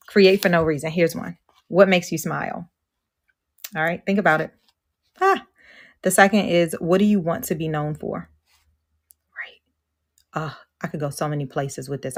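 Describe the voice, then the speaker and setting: A woman's voice: deep voice, fairly even intonation, fairly quick, pauses often, no echo, clean studio sound. A woman hosting a live coaching talk, chatty and encouraging, asking the audience questions and then reading her own poem in a rhythmic spoken-word style. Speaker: host and coach.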